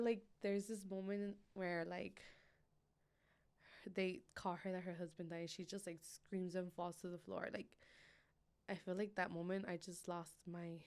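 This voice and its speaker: A woman's voice: fairly low pitch, clean tone. A woman as a podcast guest, telling a painful personal story in a casual, emotional way with many fillers. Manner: emotional, filler-heavy retelling.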